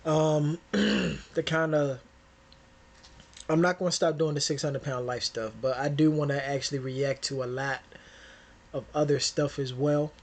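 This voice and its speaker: A man hosting a casual reaction video, talking in relaxed slang. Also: on the high side, measured pace. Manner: laid-back slang, breaks into loud laughter. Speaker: reaction YouTuber.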